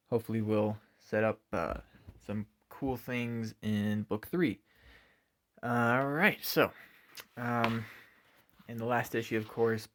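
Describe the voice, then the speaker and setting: A man giving a casual spoken comic book review, hesitant with frequent ums and uhs. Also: lowish voice.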